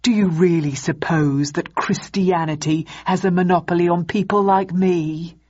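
A woman voicing a gloating, menacing male vampire who speaks in a slow, sneering way. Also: on the low side, fairly even intonation, a little mellow, close to an everyday voice. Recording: dull lo-fi audiobook recording.

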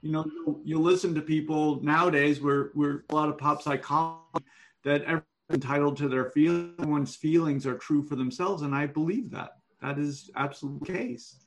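A man giving one-on-one manuscript feedback over an online call, explaining deliberately and thinking aloud. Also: a little high, a little hiss or hum. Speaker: writing coach.

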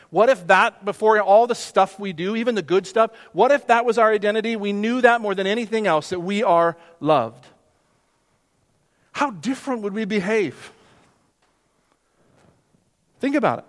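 A man preaching a sermon as pastor, earnest, dropping to soft hushed words for emphasis. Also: sits high, normal speed, pauses often. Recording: long hall reverb.

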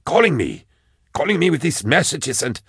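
A man plays a tired inquisitor at the end of his patience, his voice climbing in pleading exasperation. It's a clean, dry audiobook recording, with the character pitched a little higher than the narrator's own low voice. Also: sing-song, normal speed, a bit bright, slightly rough, dry recording, heavily acted. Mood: exasperated. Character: exasperated male inquisitor, weary old colleague.

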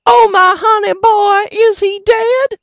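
A man voicing a small, fussing old mother from the American South in an audiobook, with high chirping cries. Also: fairly even intonation, takes it slowly, gravelly, fairly bright tone, dry recording, heavily acted. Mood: alarmed.

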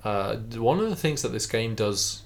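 A man's voice: medium pitch, expressive, vocal fry. A man co-hosting a podcast, talking casually about a game with frequent restarts and fillers. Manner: halting, many restarts and fillers. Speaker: podcast co-host.

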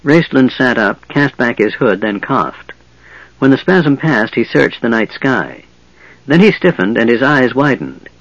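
Man reading a fantasy audiobook, steady and measured, muffled dry sound. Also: mid-range voice, no echo. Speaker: audiobook narrator. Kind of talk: scripted fantasy narration.

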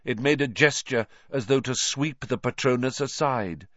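A man's voice: medium pitch, normal speed, a bit bright, no echo, dull audio. A man narrating an audiobook with a dramatic, tense storytelling manner. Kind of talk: scripted narration.

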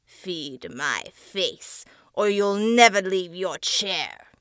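A woman doing a slow growling man-face, greedy and leering. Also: on the low side, expressive, fairly bright tone, dry recording, clean studio sound, full character voice. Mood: demanding.

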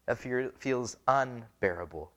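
A man's voice: medium pitch, lively intonation, measured pace, a bit bright. A man, a pastor, preaching a conversational sermon with many rhetorical questions. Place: church.

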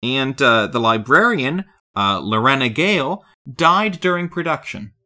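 Lively, bright-voiced man joking dryly. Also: medium pitch, a little slow. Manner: lively, wry, deadpan jokes. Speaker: podcast co-host. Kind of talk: casual film discussion.

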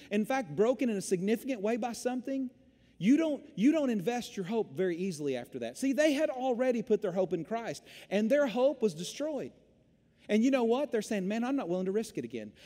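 Guy preaching, pretty high voice, mellow tone, lots of echo like a big church. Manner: animated storytelling preacher, Southern "y'all". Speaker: pastor. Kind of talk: sermon. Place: church sanctuary. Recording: long hall reverb.

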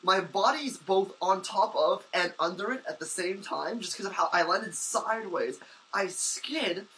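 A young man co-hosting a podcast, telling a story in casual chat with excitable rambling and many restarts. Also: sits high, unhurried, distant mic, rough recording. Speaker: podcast co-host.

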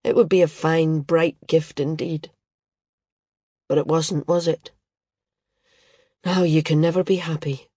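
A grieving older father, speaking slow and heavy with a low, weary sadness, as a woman narrator reads him. The sound is dry and close. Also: fairly even intonation, warm tone, husky, dry recording. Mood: sad.

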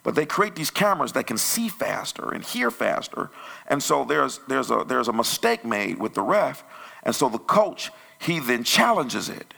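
A male pastor telling a story in a conversational sermon that grows loud and animated. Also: mid-range voice, moderate pace, creaky, husky. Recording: church sermon audio.

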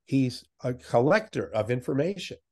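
A man's voice: medium pitch, moderate pace. An older man, a veteran sports broadcaster, telling anecdotes in a casual interview and acting out the people he quotes. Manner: animated anecdote teller, acts out quoted voices. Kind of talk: casual storytelling in a podcast interview.

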